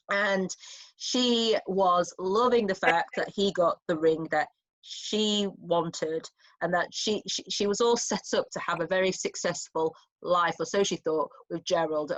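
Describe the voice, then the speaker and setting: A woman English teacher talking through a play in an informal revision chat, thoughtful and chatty. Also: fairly low pitch. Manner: thoughtful, chatty, with restarts and small laughs. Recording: lo-fi muffled recording.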